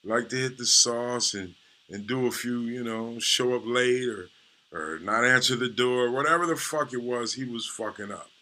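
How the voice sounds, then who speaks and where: A man's voice: mid-range voice, normal speed, sharp tone. A man, a comedian, telling a profane, laid-back story full of "you know"s. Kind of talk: casual storytelling.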